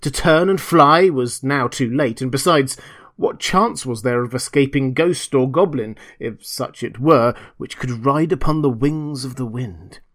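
A man's voice: medium pitch, measured pace. Man dramatically reading a gothic tale. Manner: theatrical, dropping to hushed tones at tense moments. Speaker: storyteller.

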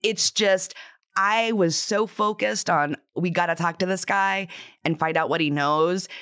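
Woman with a lowish voice, dry close sound, telling a story all lively. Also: a little slow, no echo. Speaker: podcast guest, investigator. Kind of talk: casual storytelling.

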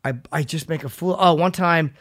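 A man's voice: a little high, normal speed, a bit bright, no echo, clean studio sound. Self-mocking, rambling male podcast host. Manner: rambling, self-mocking storyteller who swears freely. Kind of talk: casual podcast chat.

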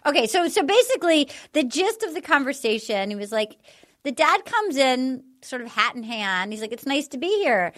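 A woman's voice: high-pitched, very animated, normal speed, fairly bright tone. A woman hosting a casual podcast, retelling a scene in a rambling way with many fillers. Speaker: podcast host. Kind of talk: casual recap chat.

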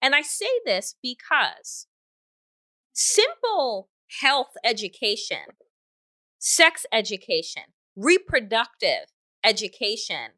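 A woman's voice: on the high side, bright, forceful tone, no echo, clean studio sound. A woman hosting an interview, asking long, impassioned, pointed questions in a conversational way. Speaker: podcast host.

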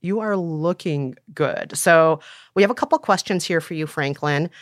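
A woman's voice: sits low, moderate pace, no echo, studio quality. A woman co-hosting a podcast in casual, playful chat. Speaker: podcast co-host.

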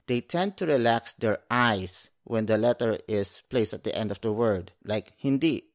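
A man teaching a language lesson, speaking slowly and carefully and repeating each word for practice. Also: fairly low pitch, dry recording, studio quality. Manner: slow, careful, repeats words for drilling.

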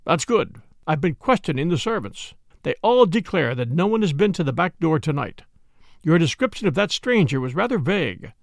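A man reading the part of a brisk middle-aged police inspector, blunt and questioning, in an audiobook. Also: a little high, sing-song, creaky, dry recording, clean studio sound. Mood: probing.

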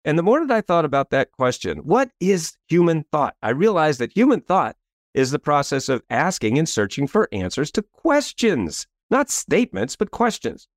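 A coach and author, appearing as an interview guest, tells a story in a fairly high voice at a moderate pace. He's lively, acts out quotes, and keeps asking "right?" The recording is dry with clean studio sound.

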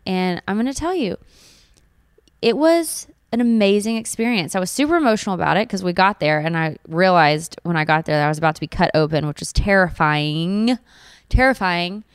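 Woman in her thirties, new mom sharing her birth story, earnest and gushing, smooth clear voice, dry close sound. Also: lowish voice, no room sound. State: tearful at times. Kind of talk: personal storytelling.

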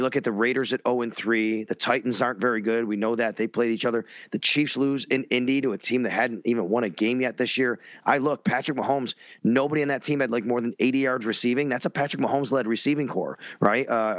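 Fast-talking man hosting a sports podcast. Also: medium pitch, a bit bright, no echo. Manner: rapid, self-interrupting, restarts sentences. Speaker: podcast host. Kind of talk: casual sports chat.

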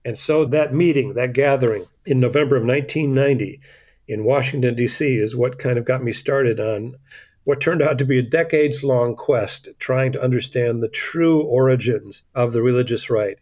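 A man's voice: mid-range voice, moderate pace, darkish tone. A man in a recorded interview, reflectively recounting a personal memory. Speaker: interviewed scholar.

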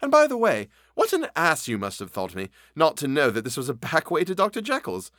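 A man voicing a brisk, sociable male gentleman with a self-deprecating manner. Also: on the high side, wildly swooping pitch, dry recording, studio quality, pitched above the performer's own voice.

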